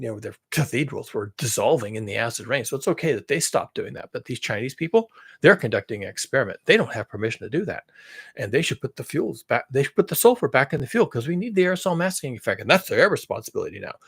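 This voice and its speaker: Husky sarcastic man ranting. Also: medium pitch. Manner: profane, mocking, swings between shouting and muttering. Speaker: commentary channel host. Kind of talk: sarcastic rant monologue.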